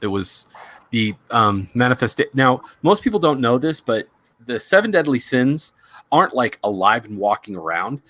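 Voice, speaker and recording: A man hosting a casual chat, telling a story in a rambling, halting way with many restarts. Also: mid-range voice, big pitch swings, fairly bright tone, no echo. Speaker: psychic reader, show host.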